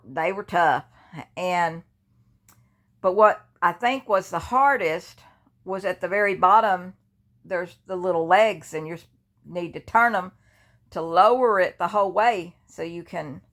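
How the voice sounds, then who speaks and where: Slow, rambling older woman vlogging from bed. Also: mid-range voice, a bit bright. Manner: rambling and chatty, with many restarts. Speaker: grief vlogger. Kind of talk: casual personal vlog. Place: indoors, lying in her bed.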